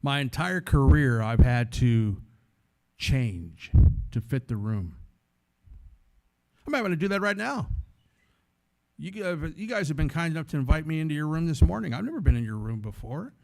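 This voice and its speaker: A man from San Antonio with a fairly high voice gives a guest sermon as a string of stories. He talks in an animated, chatty way and slips into the voices of the people he describes. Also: normal speed, vocal fry, pauses often. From San Antonio, Texas. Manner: animated, conversational storytelling that acts out the voices in it. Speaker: guest speaker, former radio host. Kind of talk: storytelling sermon talk.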